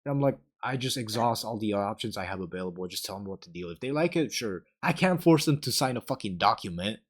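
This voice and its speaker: A man's voice: lowish voice, lively intonation, fast talker. A young man chatting casually as a podcast co-host, telling rambling stories full of swearing and acted-out quotes. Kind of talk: casual chat.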